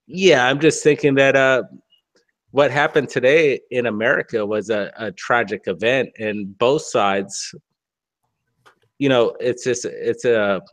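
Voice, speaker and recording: A man with a mid-pitched voice speaks in a measured, hesitant way, pausing on fillers. His voice comes through dry, with no room echo. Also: fairly bright tone. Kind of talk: casual chat.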